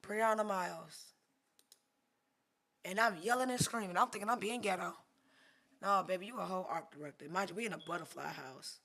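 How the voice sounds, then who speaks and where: A woman photographer commenting live while editing photos, talking to herself, swearing freely, and swinging from loud outbursts to hushed murmurs. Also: medium pitch, brisk, long pauses. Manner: profane, talks to herself. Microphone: streaming setup mic.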